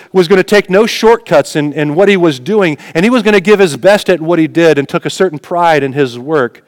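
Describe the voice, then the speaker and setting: A pastor with a fairly high voice preaches conversationally, telling personal stories and asking the congregation questions. The sound has no echo but a big-room quality.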